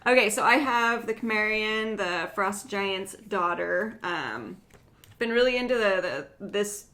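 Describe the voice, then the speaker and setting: A woman's voice: mid-range voice, animated, measured pace, pushed and bright. A woman co-hosting a casual podcast, rambling through stories with lots of fillers and casual swearing. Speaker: podcast co-host.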